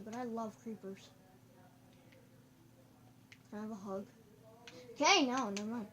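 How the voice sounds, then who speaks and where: A goofy, excitable gameplay commentator who breaks into sudden loud outbursts, recorded on a camera microphone. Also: mid-range voice, a little slow, pauses often, muffled recording. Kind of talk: casual let's-play commentary.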